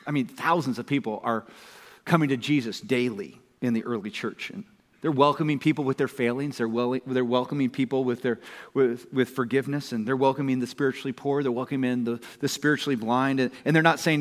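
Emphatic preacher in an echoing hall. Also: male voice, mid-range voice, fairly even intonation, fast. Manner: emphatic, repeats words, builds to loud urgent preaching. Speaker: pastor. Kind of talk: sermon. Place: church sanctuary. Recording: long hall reverb.

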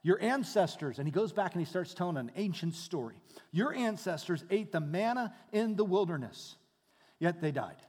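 Male pastor, fairly high voice, dynamic sermon delivery, long hall echo. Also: animated, normal speed. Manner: dynamic preaching, dropping to hushed tones then rising loud.

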